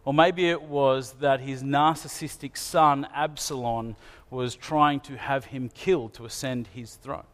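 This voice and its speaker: A man's voice: mid-range voice, fairly even intonation, a little slow, fairly bright tone. A man preaching a sermon in an earnest manner, asking his listeners searching questions. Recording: long hall reverb.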